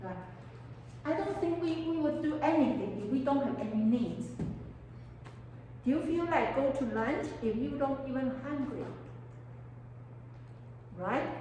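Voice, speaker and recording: A woman's voice: sits high, lively intonation, a little slow, long pauses, warm tone, slight background noise. A woman teaching a counseling class, often questioning her students and speaking English with non-native phrasing. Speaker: counseling lecturer. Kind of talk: classroom lecture. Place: lecture room with students. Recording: echoey hall, mic far off.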